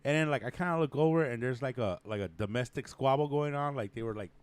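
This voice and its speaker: A man's voice: mid-range voice, quick pace, clear, resonant tone, dry recording. A young man telling a long story on a podcast, rambling and profane and laughing often. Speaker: podcast co-host. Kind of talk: casual storytelling.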